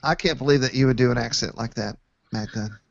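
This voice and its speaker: A man's voice: medium pitch, quick pace, vocal fry. A man hosting a casual chat, joking and rambling with lots of fillers. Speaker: podcast host. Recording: dull lo-fi dry recording.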